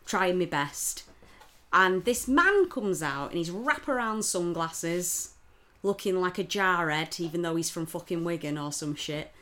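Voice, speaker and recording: A woman on a podcast, talking casually and swearing freely. Her voice sits fairly low, and she tells the story with sudden jumps of emphasis. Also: expressive, measured pace, fairly bright tone. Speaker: podcast co-host. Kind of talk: casual chat, telling a story.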